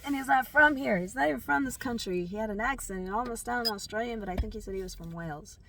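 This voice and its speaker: A woman's voice: a little high, quick pace, fairly bright tone, far from the mic, a little hiss or hum. A woman vlogger telling a personal story in a rambling, candid way, with lots of fillers and restarts.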